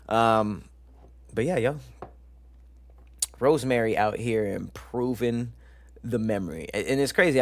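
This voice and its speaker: A man's voice: medium pitch, no echo. A man hosting a casual live stream, joking with chat and stumbling over long science words as he reads them aloud. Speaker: livestream show host.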